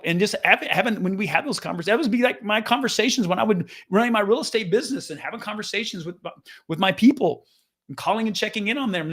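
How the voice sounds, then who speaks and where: A man in his fifties with a fairly high voice speaks straight to camera like a business coach. He is earnest and lively, restarts his sentences often, and mimics the people he quotes. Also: fast. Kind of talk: casual motivational talk to camera.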